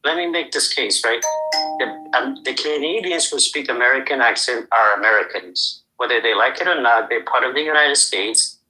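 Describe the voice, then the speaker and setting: A man's voice: medium pitch, normal speed, bright, forceful tone, poor audio. A man hosting a livestream in a heated debate, talking over others and hurling profane insults. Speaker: livestream host.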